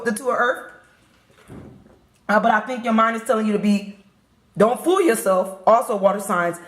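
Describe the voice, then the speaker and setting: A woman's voice: mid-range voice, moderate pace, pauses often. Chatty woman reading tarot, echoey room. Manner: chatty, repetitive, addresses viewers directly. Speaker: tarot reader. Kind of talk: casual tarot reading to camera.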